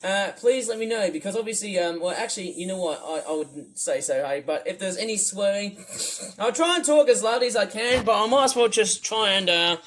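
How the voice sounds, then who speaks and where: A man from the UK rambling through a livestream commentary, wordy and repetitive, swinging between loud bursts and low mutters. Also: lively intonation, fairly quick, low-quality recording. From United Kingdom. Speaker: YouTuber. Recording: faint music under the voice. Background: music playing.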